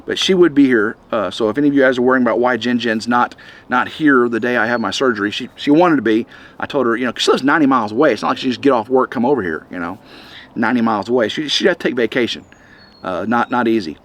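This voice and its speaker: A middle-aged man rambles to his camera outside on a windy day. His voice sits at an ordinary pitch, and he talks in stops and restarts with a slightly congested chest. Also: fairly bright tone. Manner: rambling, halting, many restarts. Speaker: vlog host. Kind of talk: casual rambling vlog. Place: outdoors in the wind.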